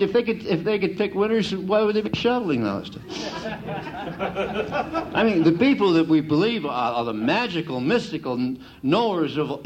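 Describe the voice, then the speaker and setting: A middle-aged man with a fairly high voice gives a folksy, animated talk to an audience, jumping into impressions of grumbling gamblers as he goes. The recording is dull and lo-fi, with a faint hiss underneath. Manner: animated storyteller, mimics racetrack gamblers. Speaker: handicapping instructor.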